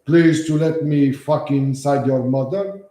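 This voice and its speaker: Brief: high, halting, overly polite male scam caller with broken English, put on by a man. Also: flat delivery, mellow, heavy reverb. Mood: insistent.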